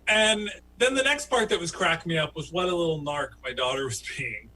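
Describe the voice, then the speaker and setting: A man doing a stand-up comedy story who laughs at his own tale and jumps into high, squeaky voices for the people he quotes. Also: lively intonation, fairly quick, low-quality recording. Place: home, virtual show.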